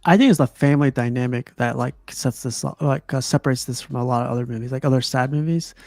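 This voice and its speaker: A man hosting a casual movie review chat, talking loosely with plenty of "like" fillers and quick laughs. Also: medium pitch, darkish tone, no room sound, faint music behind. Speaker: host of a movie review show.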